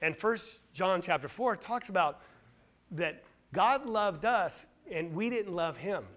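A man preaching a sermon in a high, lively voice that climbs and dips widely. He presses home his points with rhetorical questions. He swings from loud, stressed lines to near-hushed asides. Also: takes it slowly. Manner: emphatic, asks rhetorical questions.

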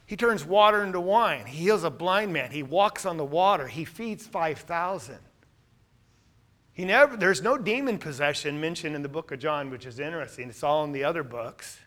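A man teaching the Bible in a sermon style, emphatic and animated, swinging from loud declarations to quiet asides. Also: fairly high pitch, moderate pace.

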